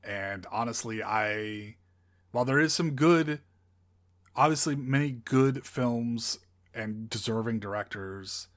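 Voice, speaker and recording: A man co-hosts a film podcast in a dry, playful manner. He teases with mock interview questions in an even, mid-pitched voice. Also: slow. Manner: playful, deadpan role-play questions. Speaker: podcast co-host. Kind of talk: casual comedic film chat.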